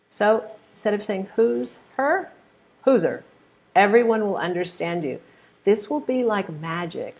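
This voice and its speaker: An American woman teaching pronunciation in an online webinar, modeling phrases slowly and deliberately and encouraging her students. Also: medium pitch, darkish tone.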